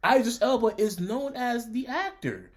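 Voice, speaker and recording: A man's voice: very high-pitched, normal speed. A man co-hosting a podcast, playfully arguing his case in casual chat. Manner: playful, argumentative, laughs while making his case. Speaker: podcast co-host.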